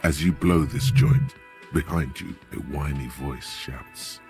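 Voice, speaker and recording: A man voicing a grave game narrator in a deep, gravelly, slow and measured voice. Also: sing-song, a little mellow, faint music behind, full character voice. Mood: solemn.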